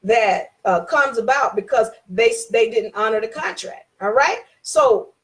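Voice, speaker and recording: A woman's voice: fairly high pitch, a little slow. A woman giving an informal talk on contract rights. She tells a personal story, repeats herself for emphasis and acts out both sides of the dialogue.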